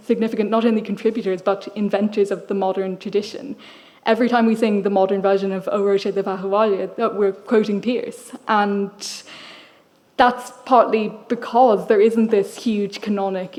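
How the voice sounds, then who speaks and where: A woman's voice: mid-range voice, darkish tone. A young Irish woman novelist with an Irish accent giving a public literary lecture in a thoughtful, wry way. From Ireland. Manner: thoughtful, wry, asides and self-corrections.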